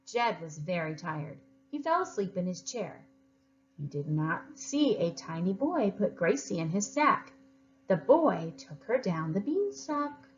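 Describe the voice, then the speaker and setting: Expressive woman teacher reading aloud. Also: mid-range voice, unhurried, dull audio, slight background noise. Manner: expressive, animated, encouraging. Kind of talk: reading a story aloud to children.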